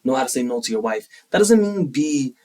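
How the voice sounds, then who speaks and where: A young man co-hosting a podcast in casual, opinionated chat, animated and quick to act out quotes. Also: medium pitch, far from the mic, poor audio. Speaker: podcast co-host.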